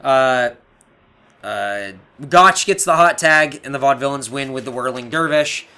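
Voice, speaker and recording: A man's voice: mid-range voice, measured pace, pushed and bright, smooth. A man co-hosting a podcast, recapping a show in loose, chatty talk with lots of fillers and laughs. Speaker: podcast co-host. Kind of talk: casual chat recapping a show.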